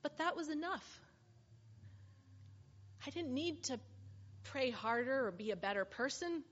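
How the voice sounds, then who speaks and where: Monologue: woman as a weary woman made whole, earnest first-person testimony, slightly high voice, muffled recording. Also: animated, a little slow, slightly rough, exaggerated voice. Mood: heartfelt. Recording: slightly muffled with faint hiss.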